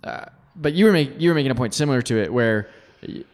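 A man's voice: mid-range voice, expressive, quick pace. A man co-hosting a casual church chat, teasing his partner and thinking aloud with many restarts.

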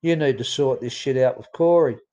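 A man voicing his gruff, curt father who swears and brushes him off. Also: medium pitch, moderate pace, dark tone, lightly acted. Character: gruff blunt older father, male.

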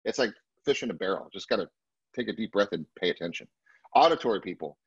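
A husky, low-pitched man leads a sales training class, stressing his points and slipping into a higher voice when he quotes clients. The sound is dry and dull, like a lo-fi video call. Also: expressive, fast, dry recording. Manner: emphatic, acts out client quotes in a much higher voice. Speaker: real estate sales trainer.

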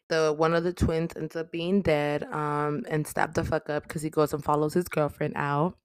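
Smooth, dry-voiced casual movie recapper. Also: medium pitch, flat delivery, no room sound. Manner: profane, chatty, slangy storytelling; acts out characters' lines in quick voices.

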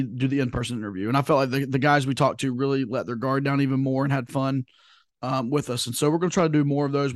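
A man's voice: mid-range voice, dry recording, studio quality. A young man co-hosting a sports podcast, chatting casually with plenty of fillers and rambling asides. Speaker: podcast co-host. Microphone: podcast mic.

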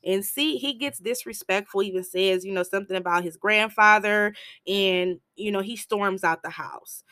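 A woman's voice: mid-range voice, normal speed, no echo. A woman tells a film's story in a loose, slangy and blunt way, jumping into the characters' voices as she goes. She sits close to the mic in a dry, deadened space. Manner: animated, slangy, acts out quoted lines; blunt and profane. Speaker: film recap vlogger. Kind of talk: casual movie recap storytelling.

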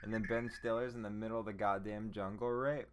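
Speaking briskly in a fairly low voice, a young man hosts a podcast over a little hiss or hum. His movie chat is casual and excitable, full of swearing and sudden laughing fits.

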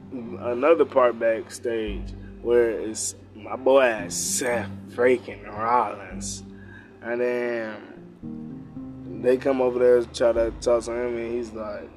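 A young man recapping a wrestling show in loose, slangy, profanity-heavy casual talk. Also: medium pitch. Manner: slangy, loose storytelling, frequent cursing.

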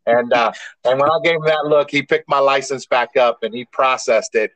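A podcast co-host chats casually, rambling through stories, restarting often, and swearing mildly. His voice is medium in pitch and fairly bright at a normal speed, recorded roughly but without echo.

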